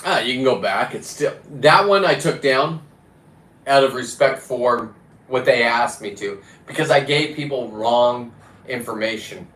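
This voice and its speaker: A man's voice: mid-range voice, a little slow, fairly bright tone. A man chatting casually to camera about diving, rambling and blunt, with the odd swear word. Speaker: free diver and vlogger. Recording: roomy echo with faint background noise.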